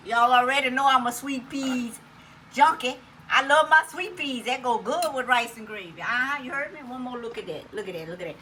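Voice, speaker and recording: A woman's voice: sits high, brisk, bright, forceful tone, slight background noise, rough recording. A woman with a Louisiana Cajun accent hosting a casual home cooking vlog, chatty and folksy, always telling viewers to look. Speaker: cooking channel host. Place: home kitchen.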